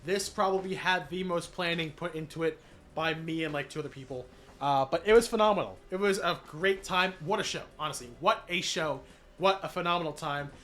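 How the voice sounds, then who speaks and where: A man streaming live, recapping his channel's year in a casual, energetic way with many fillers and shout-outs, voice cracking after being sick. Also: a little high, brisk. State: recovering from illness, voice cracking.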